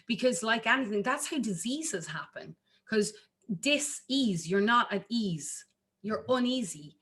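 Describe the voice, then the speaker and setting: An Irish woman from Ireland, a singer-songwriter chatting casually as an interview guest, animated and full of restarts. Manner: animated, acts out quotes in a jumpy high voice, lots of restarts.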